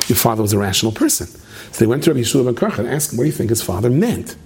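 A man's voice: medium pitch, big pitch swings, very fast, a little mellow, slight background noise. A middle-aged man giving a late-night Torah lecture to students, telling stories in a rambling way with many restarts and questions to the room. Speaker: rabbi teaching a class.

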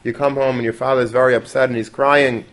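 A man's voice: mid-range voice, flat delivery, fast talker, fairly bright tone. A man teaching a Torah class in a conversational way, dropping Yiddish and Hebrew terms and restarting often.

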